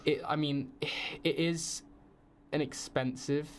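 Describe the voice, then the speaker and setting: A young British man talks through a relaxed podcast conversation, easygoing and quick to laugh. He restarts his sentences as he thinks aloud, over a faint background hiss. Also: on the high side. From United Kingdom. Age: young adult. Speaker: film production student, guest. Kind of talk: casual podcast chat.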